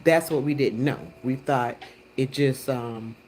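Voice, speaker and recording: A middle-aged woman hosting her own live stream, telling a story in a rambling, animated way with many restarts. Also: a bass voice, measured pace, slight background noise, low-quality recording. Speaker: livestream host.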